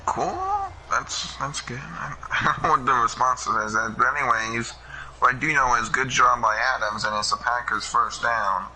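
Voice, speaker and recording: A man casually commentating a football video game with a friend, chatty and quick to laugh at his own slips. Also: medium pitch, steady tone, bright, forceful tone, a little hiss or hum, low-quality recording.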